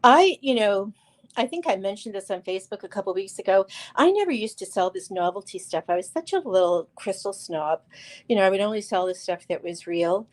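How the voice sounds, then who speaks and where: A woman's voice: mid-range voice, expressive, brisk. A woman hosting a live crystal sales show, talking chattily with lots of fillers and restarts, calling out viewers by name. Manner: addresses viewers by name while showing stones. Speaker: live sale host.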